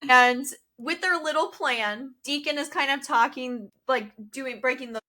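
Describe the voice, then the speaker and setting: A young woman co-hosting a podcast in casual chat, her voice bright and sharp and pitched a little high. She recaps scenes with animated energy and slips into quoted lines with big leaps in pitch. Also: unhurried. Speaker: podcast co-host.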